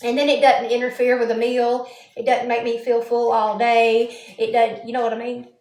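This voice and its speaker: A woman's voice: on the high side, little pitch movement, normal speed, darkish tone. A woman chatting casually with her livestream viewers, rambling and yawning. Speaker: livestream host. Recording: roomy echo.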